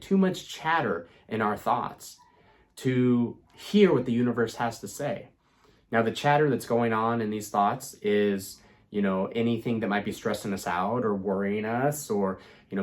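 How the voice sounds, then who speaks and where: Young male host, low-ish pitch, easygoing and repetitive, casual spiritual teaching. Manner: relaxed, repeats himself, many "you know" fillers. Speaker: law of attraction channel host.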